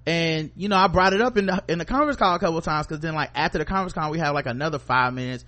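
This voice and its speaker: A man's voice: on the high side, rapid-fire, bright, forceful tone. Man telling a loose workplace story. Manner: loose anecdotal telling, acts out quoted voices, curses freely. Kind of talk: casual storytelling chat.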